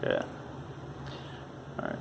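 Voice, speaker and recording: A man giving a casual hands-on tutorial, talking in a halting, mumbling way as he works, recorded on a phone. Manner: mumbling, halting, thinking aloud. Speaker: tutorial presenter. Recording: faint background noise from phone recording.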